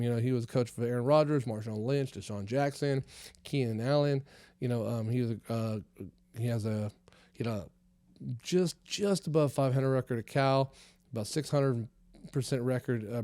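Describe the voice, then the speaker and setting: Rambling profane podcast host, dry sound. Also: male voice, medium pitch, mellow, no echo. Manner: rambling and profane, many fillers. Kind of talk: casual comedy podcast monologue.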